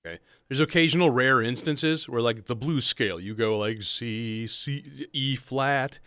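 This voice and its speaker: In studio-quality audio with no echo, a male livestream host talks a little slowly in a medium-pitched, pushed, bright voice. His casual chat about modular synths rambles and self-interrupts over faint synth music.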